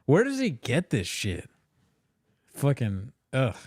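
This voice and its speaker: A man's voice: medium pitch, moderate pace, no room sound, studio quality. A man co-hosting a casual livestream, joking crudely and laughing often as he reacts to clips.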